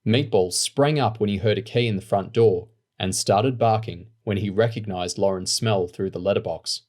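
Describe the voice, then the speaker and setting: Male narrator, lowish voice, steady audiobook reading. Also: normal speed. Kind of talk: scripted narration.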